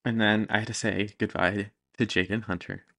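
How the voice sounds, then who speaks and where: A young man co-hosting a podcast, telling stories in an animated, chatty way and acting out what people said. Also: fairly low pitch, normal speed, gravelly. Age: young adult. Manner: animated storytelling with quoted voices. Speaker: podcast co-host. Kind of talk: casual chat.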